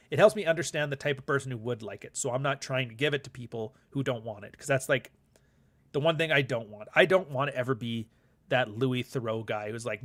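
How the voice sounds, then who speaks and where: A man in a casual vlog monologue, speaking at a mid-range pitch. He rambles candidly and swears freely as he talks. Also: a little fast, a bit bright. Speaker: podcast host and author.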